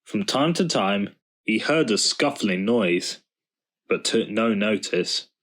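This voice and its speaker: Slow, low-voiced man reading a storybook. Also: animated, a bit bright. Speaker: storybook reader. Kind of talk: reading a children's book aloud.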